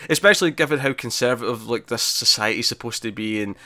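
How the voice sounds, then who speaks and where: A man's voice: medium pitch, fast talker, sharp tone, no room sound. A man co-hosting a casual TV review chat, recapping scenes animatedly with frequent laughs and restarts. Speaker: podcast co-host reviewing a TV episode.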